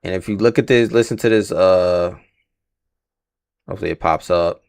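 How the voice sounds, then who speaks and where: Hosting a casual livestream, a man reacts to casting news in a low, darkish voice at a moderate pace. He rambles in slang, swears freely and trips over names.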